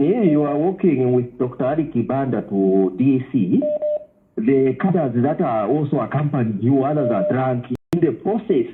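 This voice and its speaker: Emphatic caller on a tinny phone line. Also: male voice, mid-range voice. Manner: emphatic, repeats words while explaining. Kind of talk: call-in radio talk.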